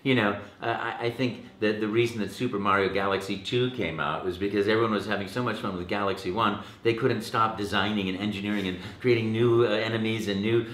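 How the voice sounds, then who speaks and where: Animated male voice-actor guest, somewhat low voice, roomy echo. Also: brisk, few pauses, slight background noise. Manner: animated, acts out quotes, many restarts. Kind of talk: casual interview storytelling.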